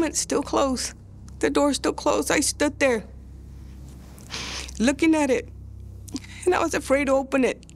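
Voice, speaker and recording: An older woman, a grandmother, telling her story in a documentary interview, speaking haltingly and emotionally with many restarts. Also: high-pitched, a little hiss or hum. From Texas.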